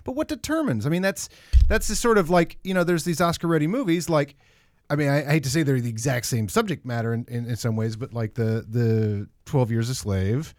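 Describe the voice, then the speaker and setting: A man's voice: medium pitch, fairly quick, no echo, studio quality. A man co-hosting a casual movie podcast, musing and rambling with restarts. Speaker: podcast co-host.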